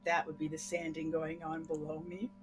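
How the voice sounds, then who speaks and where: A middle-aged woman telling a long, animated story in casual chat, laughing and acting out what people said. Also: sits low, moderate pace, background noise. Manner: animated, laughing, acts out quotes. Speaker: podcast co-host.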